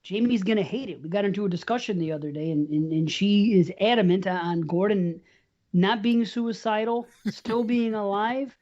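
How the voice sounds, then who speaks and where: A woman's voice: mid-range voice, moderate pace, mellow, dull audio. A woman hosting a horror movie podcast, talking in plain casual chat. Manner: introduces the show, plain conversational. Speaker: podcast host.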